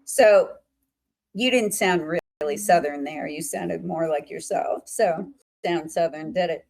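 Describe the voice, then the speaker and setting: A woman's voice: on the low side, a little slow, vocal fry, darkish tone. A woman hosting a psychic show in casual livestream chat, chatty and laughing, with many fillers.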